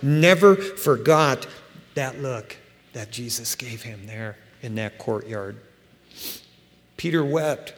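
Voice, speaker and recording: A man preaching a sermon as pastor, animated and emphatic, with casual asides to his congregation. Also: on the high side. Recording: long hall reverb.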